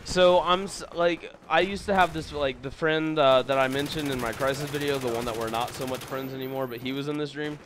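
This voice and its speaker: A man's voice: medium pitch, steady tone, fairly quick, few pauses, noisy background. Rambling, profane young man telling stories. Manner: rambling, profane, filler-heavy. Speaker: gameplay commentator. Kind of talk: casual storytelling over gameplay.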